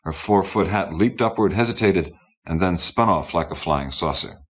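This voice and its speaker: A man reading a science fiction audiobook in a steady, measured manner. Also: deep voice, breathy edge. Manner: steady, measured storybook narration. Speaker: audiobook narrator.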